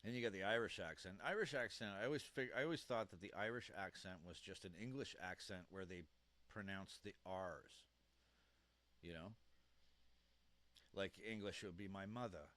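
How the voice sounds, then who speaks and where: A man's voice: low voice, normal speed, a bit bright. A man hosting a live stream at home on a dynamic microphone, chatting casually in a rambling way, chuckling often and trailing off mid-sentence. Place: home room with a computer fan.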